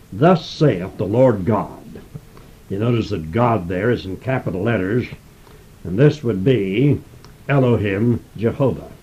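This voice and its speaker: A man giving a Bible teaching, reading scripture aloud and explaining it in a measured, emphatic way. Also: mid-range voice, darkish tone, muffled recording. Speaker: preacher. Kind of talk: sermon-style Bible teaching.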